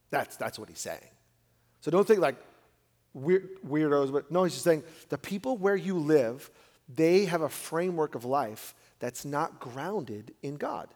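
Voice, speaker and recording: Animated man preaching in a reverberant hall. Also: a little high. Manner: animated, swings between loud emphatic peaks and quiet asides. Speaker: pastor. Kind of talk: sermon.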